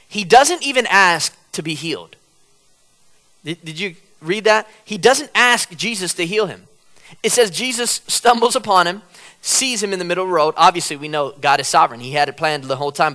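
A man preaching a sermon, conversational and humorous, acting out quotes dramatically and rising at times to loud cries. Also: sits high. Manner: dramatic, acts out quotes, rises to shouts.

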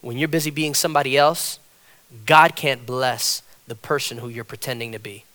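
Bright-voiced man preaching a lively sermon. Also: medium pitch, moderate pace. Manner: animated, repeats phrases, acts out quotes. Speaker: pastor. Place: church platform.

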